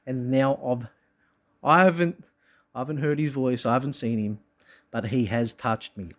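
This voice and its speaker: A man talking straight to his viewers in a rambling monologue, swearing constantly, restarting his sentences, and swinging between low mutters and loud outbursts. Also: moderate pace. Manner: profane, intense and rambling, with frequent restarts. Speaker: vlogger.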